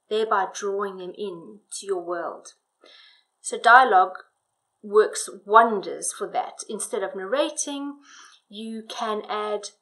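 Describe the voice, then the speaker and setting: A woman giving a spoken lesson on storytelling, expressive and emphatic, changing her loudness for effect. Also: mid-range voice, rough recording. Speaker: storytelling coach. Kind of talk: instructional talk on public speaking.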